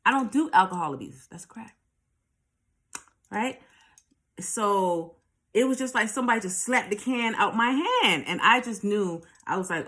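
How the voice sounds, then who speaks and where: A woman's voice: medium pitch, expressive, moderate pace, fairly bright tone. Candid New woman telling a story. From New York. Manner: candid, profane, talks straight to viewers. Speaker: vlogger. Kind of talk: storytime monologue.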